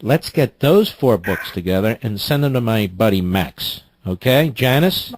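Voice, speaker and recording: A man's voice: fairly low pitch, lively intonation, unhurried, dry recording. A man hosting a talk radio show, emphatic and opinionated as he takes callers.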